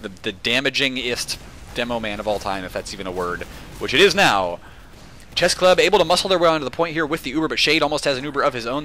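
A young man casting a competitive video game match alone, excitable and jokey, rambling into asides full of fillers. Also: medium pitch, slight background noise. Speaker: esports caster. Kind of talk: solo play-by-play commentary.

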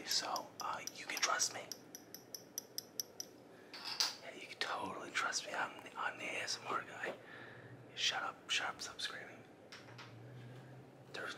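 A man doing comedic whispered role-play as an intruder, nervous and stammering, whispering frantically and often breaking into loud hissed commands. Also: lowish voice, moderate pace, long pauses. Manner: flustered, stammering, repeats himself. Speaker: ASMR creator.

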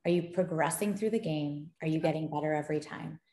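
This woman, founder of a gaming company, talks quickly in a low voice as a guest in a casual interview. Her stories are animated and punctuated by frequent laughter, heard against a roomy echo.

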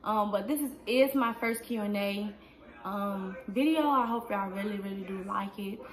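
Seorang wanita berusia dua puluhan menjawab pertanyaan penonton dengan santai di rumah, sering memakai "like" dan "um". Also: female voice, medium pitch, moderate pace. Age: 20s. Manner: chatty, fills with "like" and "um". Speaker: vlogger. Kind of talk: casual Q&A vlog. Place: indoors at home.

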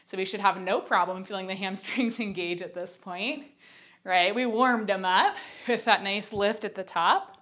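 A young woman leads a Pilates class while she does the exercises herself, and she is audibly out of breath. She talks in a chatty, candid way between counts and cues. Her voice sits at an ordinary middle pitch. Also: moderate pace, fairly bright tone. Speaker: Pilates instructor. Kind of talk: workout instruction.

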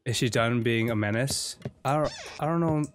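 A woman playing a horror game with her partner in casual chat, excitable and slangy, yelling warnings. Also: rumbling low, moderate pace, a little hiss or hum. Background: game music.

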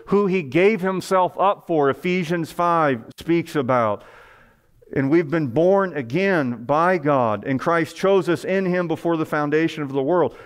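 A man preaching a sermon in church, earnest, with rising and falling emphasis and rhetorical questions to the congregation. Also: fairly high pitch. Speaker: pastor. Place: church sanctuary.

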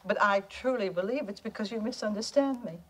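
A woman's voice: mid-range voice, brisk, very noisy, lightly acted. A woman playing a sugary, passive-aggressive wife who laughs through her words, heard as a played video clip. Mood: falsely sweet.

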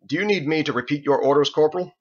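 A man's voice: on the high side, rapid-fire, voice pushed up, natural voice. A man voicing a stern military commander who gives firm, clipped orders, in a dull lo-fi recording.

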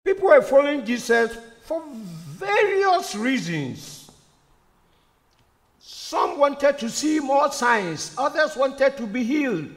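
Preacher, male: high, very animated voice, delivering a slow, repetitive sermon with rhetorical questions, church reverb. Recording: long reverb of a church hall.

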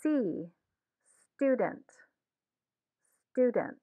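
A woman teaching a language lesson in a slow, deliberate scripted way, saying each word twice. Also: on the high side, lively intonation, dark tone. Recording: tinny phone-like sound.

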